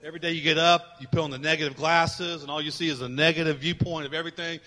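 Fervent high-voiced male preacher. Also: fairly even intonation. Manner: fervent, rising to shouts, drawn-out emphatic phrases. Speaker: pastor. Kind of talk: sermon. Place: large church. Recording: long reverb of a church hall.

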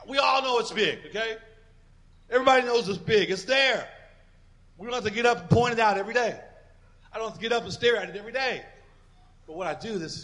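High-voiced preaching man. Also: fairly quick, fairly bright tone. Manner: preaching with rising volume and emphatic declarations; acts out quoted voices, dropping to a near whisper. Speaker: pastor. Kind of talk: sermon.

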